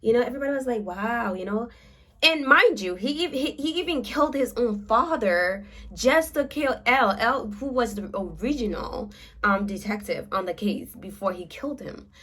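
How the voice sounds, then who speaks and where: A woman's voice: a little high, moderate pace, breathy edge. Chatty young woman. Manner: chatty and animated, with filler words and self-corrections. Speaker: makeup vlogger. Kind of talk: casual retelling of an anime plot. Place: home room with a ring light.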